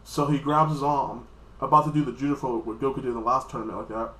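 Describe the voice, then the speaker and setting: Rambling loosely through an anime episode recap, a male reviewer frequently performs the characters' lines in quick voices. He speaks in a mid-range, steady voice that is pushed and bright, and the recording is reverberant.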